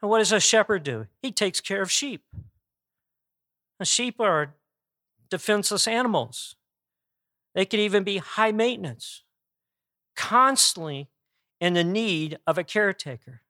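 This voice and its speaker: Slow, earnest preacher man. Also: high-pitched, fairly bright tone, no room sound, clean studio sound. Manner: earnest, emphatic preaching with restarts. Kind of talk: sermon.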